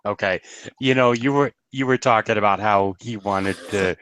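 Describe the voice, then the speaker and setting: Relaxed man on a dry mic. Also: on the low side, normal speed, clear, resonant tone, no room sound. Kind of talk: casual review chat.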